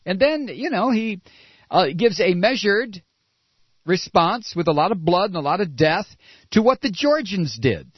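A male talk radio host rants in an indignant, mocking tone. His voice sits high and swings widely in pitch. The sound is dull and dry, with no room around it. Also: very animated, a little slow, slightly rough, dry recording. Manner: indignant, sarcastic, mocking impressions. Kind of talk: ranting political commentary.

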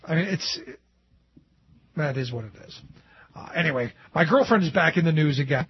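A man hosting a political talk show, animated and sarcastic, often mocking others in a put-on voice. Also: fairly high pitch, moderate pace, husky. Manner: animated and sarcastic, mimicking opponents in quotes. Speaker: talk radio host. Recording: dull lo-fi dry studio sound.

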